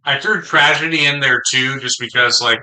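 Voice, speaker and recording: A man's voice: mid-range voice, moderate pace, sharp tone, low-quality recording. A man co-hosting a podcast in casual, laid-back, jokey chat. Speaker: podcast co-host.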